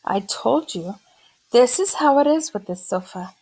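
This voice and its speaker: A calm, kindly woman doctor who speaks softly and soothingly, voiced by a woman reading aloud. Her voice has a gravelly grain. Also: fairly high pitch, measured pace, heavily acted, rough recording.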